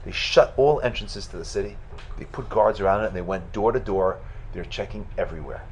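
A man, a rabbi, telling a religious story in a sermon, halting and restarting at times. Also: fairly low pitch, a little hiss or hum, low-quality recording. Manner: halting retelling with restarts, rising to loud fervent chanting at the end.

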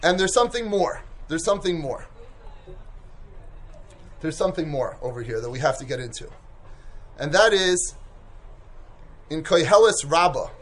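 A man with a high voice gives a Torah lecture as a yeshiva mashgiach. He is animated, pushing hard on key points and then dropping into quiet asides. Hebrew and Yiddish terms run all through his talk. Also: moderate pace, long pauses. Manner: animated, swings from loud emphasis to soft asides.

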